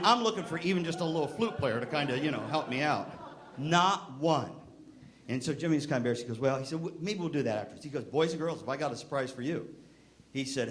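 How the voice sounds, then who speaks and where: An older man giving a humorous storytelling talk to band directors, acting out the people in his stories with big jumps in his voice. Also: slight background noise. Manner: lively anecdotal delivery, acting out quoted voices with pitch jumps. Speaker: band music clinician speaking to band directors.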